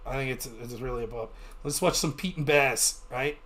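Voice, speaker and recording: A man hosting a livestream, ranting about politics in a casual, profane and animated way. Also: medium pitch, normal speed. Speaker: livestream host.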